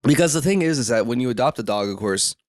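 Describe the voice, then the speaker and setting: A young man hosting a solo podcast from a room at home, rambling with lots of fillers and restarts, his throat rough and catching. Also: medium pitch, animated, fast, no room sound, studio quality. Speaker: podcast host.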